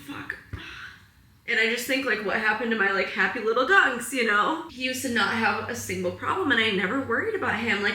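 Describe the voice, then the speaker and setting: A woman's voice: on the high side, sharp tone, reverberant, rough recording. Chatty teary woman vlogging at home. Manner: rambling, heavy use of "like", emotional and tearful. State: teary, close to crying. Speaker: wellness vlogger. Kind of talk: casual confessional vlog. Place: apartment at home.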